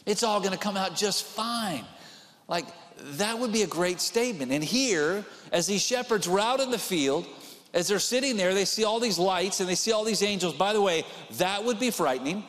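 A man with a high voice delivers a sermon, chatting with the congregation and circling back to repeat his main lines. His voice rings out with a long reverb, as if filling a large church sanctuary. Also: expressive, normal speed, a bit bright. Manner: conversational preaching with repeated emphatic phrases. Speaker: pastor.

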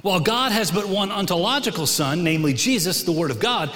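A middle-aged male pastor with a notably high voice, preaching in a relaxed, conversational way and tossing questions to the congregation. His words ring out with a long reverb, as in a large church hall. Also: fairly quick. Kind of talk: sermon. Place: church sanctuary.

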